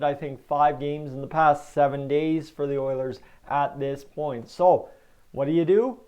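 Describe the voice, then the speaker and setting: A man with a Canadian accent hosting a hockey vlog, giving chatty, animated commentary straight to his viewers. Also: on the high side, clear, resonant tone, lo-fi sound. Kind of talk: casual sports commentary.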